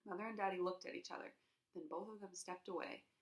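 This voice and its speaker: A woman reading a children's chapter book aloud in an expressive way, acting out the sound effects. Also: on the low side, fast, reverberant. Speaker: reader.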